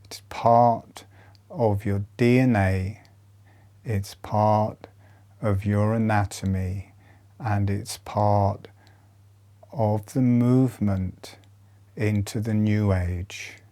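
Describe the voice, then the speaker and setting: A man leading a guided breathing meditation, giving calm instructions softly with long pauses. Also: on the low side.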